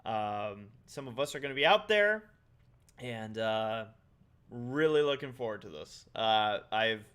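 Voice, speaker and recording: A man's voice: fairly low pitch, expressive, measured pace, fairly bright tone, smooth. A man co-hosting a podcast in casual chat, rambling and laughing often. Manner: rambling, laughs often, eating while talking. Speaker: podcast co-host.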